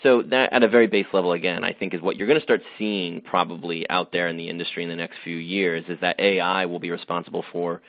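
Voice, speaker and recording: Low-voiced man answering with many ums. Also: fairly even intonation, fast, hardly any pauses, no echo. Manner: thoughtful, frequent fillers and restarts. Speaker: magazine editor, interview guest. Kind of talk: conversational interview answers. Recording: dull, dry sound.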